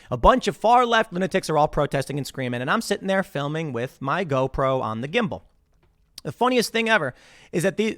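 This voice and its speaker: A commentary host with a slightly high voice, recorded dry at studio quality, leads casual political commentary. He animatedly retells stories and acts out the people he quotes in shifting voices.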